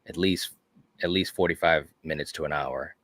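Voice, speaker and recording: A man's voice: extremely low pitch, normal speed, fairly bright tone, no echo, clean studio sound. A man co-hosting a casual chat, telling stories with enthusiasm and lots of "you know". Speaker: podcast co-host.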